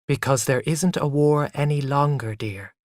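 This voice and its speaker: A man reading the part of a gentle, patient young mother in a soft, soothing way. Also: a little high, a little slow, no echo, clean studio sound, close to an everyday voice.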